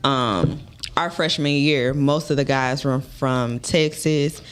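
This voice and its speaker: A woman from the Midwest co-hosting a morning talk show, an animated storyteller who acts out the voices of people she quotes. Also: very deep voice, takes it slowly, smooth. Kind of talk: casual chat.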